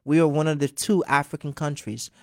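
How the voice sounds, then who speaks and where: A man in his twenties from Liberia, a singer talking as a guest in a casual interview, animated and earnest, laughing often. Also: on the high side, a little fast, dry recording, clean studio sound. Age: 20s.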